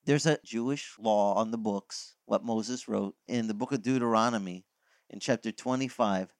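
A man preaching a conversational sermon in a folksy, animated way, often acting out the voices he quotes. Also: on the low side, normal speed, no room sound. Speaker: pastor.

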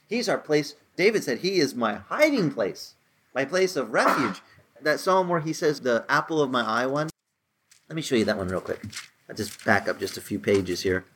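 A man's voice: mid-range voice, fairly bright tone, slightly rough. A man in his sixties preaching a casual, conversational sermon, telling stories with rising emphasis. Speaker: pastor.

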